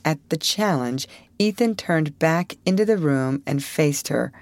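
A woman narrating an audiobook in a measured, expressive reading. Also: sits low, dry recording. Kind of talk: scripted narration.

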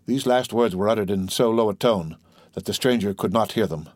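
A man's voice: lowish voice, a little fast, a little mellow, no echo. A man reading a classic novel aloud as an audiobook narrator, evenly and steadily. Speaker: audiobook reader. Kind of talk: scripted narration.

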